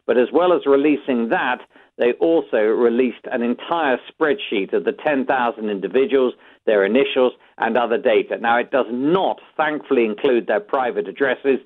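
A British man reporting as a news correspondent, measured, with frequent fillers. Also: mid-range voice. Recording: tinny phone line.

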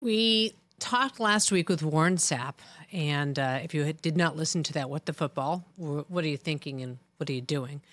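Woman podcast co-host, low voice, playful banter, dry close mic. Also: moderate pace, hardly any pauses, a bit bright, dry recording. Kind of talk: casual sports chat.

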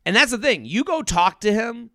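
A man co-hosting a podcast in casual chat, talking fast with animated asides and acting out quotes. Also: high-pitched, no echo. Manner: animated, quick asides, acts out quotes in a flat robot voice. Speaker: podcast co-host. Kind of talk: casual chat recapping a reality show.

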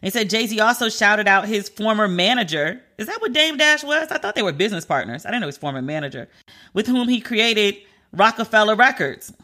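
Bright-voiced host chatting through celeb news, reacting out loud as they go. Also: mid-range voice, a little fast. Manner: chatty and expressive, reacting aloud while reading the news. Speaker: entertainment news commentator. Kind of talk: casual celebrity news commentary.

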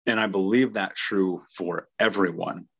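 A man's voice: low-pitched, fairly even intonation, unhurried, creaky, a bit bright, slightly rough. A man in his thirties hosting a podcast, talking earnestly and heartfelt about his own journey in a reflective monologue. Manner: earnest, heartfelt, occasional laughs. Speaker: podcast host, trauma healing coach. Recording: muffled lo-fi dry sound.

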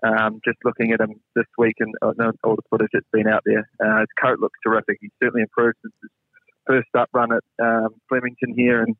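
A man with a New Zealand accent calling in as a guest, modest and measured. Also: lowish voice, completely flat delivery, dry recording. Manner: modest, measured, many fillers. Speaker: racing stable hand, guest. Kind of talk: phone interview. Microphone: phone. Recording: tinny phone line.

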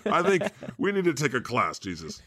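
A man playing God as a jokey podcast host, sarcastic and animated in comedy banter. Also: mid-range voice, normal speed, husky, exaggerated voice. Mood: playful. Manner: sarcastic, animated, laughs often.

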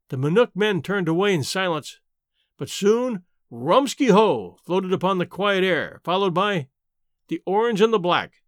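A man reading an adventure story aloud as narrator, with an expressive, dramatic delivery on a close mic. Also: high voice, normal speed, dry recording. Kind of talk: scripted audiobook narration.

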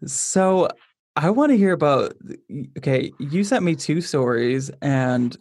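A man's voice: fairly high pitch, expressive, measured pace, a little mellow, no echo. A man hosting a show, chatting casually in a friendly way and laughing along often. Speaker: podcast host. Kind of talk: casual chat.

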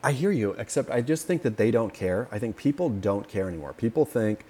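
A man co-hosting a podcast in casual chat, opinionated and animated, acting out quotes as he tells stories. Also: on the low side, brisk, husky. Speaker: podcast co-host.

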